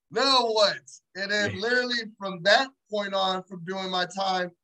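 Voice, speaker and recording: A man in an interview, telling stories in animated, slangy, profane street talk. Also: high-pitched, measured pace, low-quality recording. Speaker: guest, entrepreneur. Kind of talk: casual interview storytelling.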